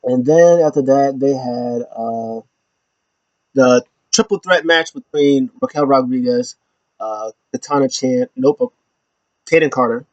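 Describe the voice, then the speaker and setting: A man casually recapping a wrestling show alone, rambling with lots of fillers and slipping into high voices for quotes. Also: a little slow, a little mellow, no room sound, muffled recording.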